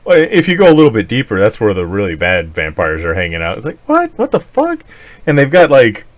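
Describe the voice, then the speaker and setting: A man with a lowish voice talks fast as a podcast co-host in casual chat. His rants are animated and profane, full of swearing and laughter.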